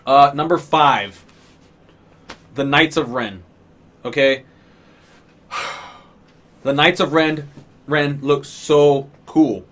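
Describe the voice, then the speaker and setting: A man's voice: on the high side, very slow, pauses often, a bit bright. A man giving an exasperated, profane, sarcastic rant as a movie reviewer. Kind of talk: ranting film review.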